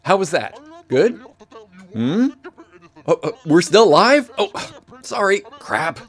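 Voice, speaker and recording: A man's voice: high voice, sing-song, takes it slowly, heavily acted. A man playing a pompous, flustered news anchor. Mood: exasperated. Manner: pompous, exasperated.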